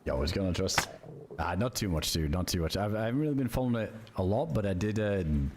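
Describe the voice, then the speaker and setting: Laid-back low-voiced male streamer. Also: expressive, fast talker, darkish tone, slight background noise. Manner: laid-back, chatty, reads chat aloud, swears casually. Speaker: game streamer. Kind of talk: casual live-stream chat while gaming.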